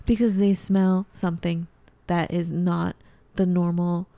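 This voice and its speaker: A woman co-hosting a casual chat, animated, often acting out her own confused reactions in a high voice. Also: measured pace, creaky, no room sound. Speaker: podcast co-host.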